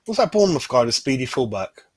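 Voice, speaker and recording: A man's voice: mid-range voice, sing-song, quick pace, breathy edge, no room sound. A man hosting a fan channel, chatting casually on a livestream, constantly saying "mate" and tossing in tag questions.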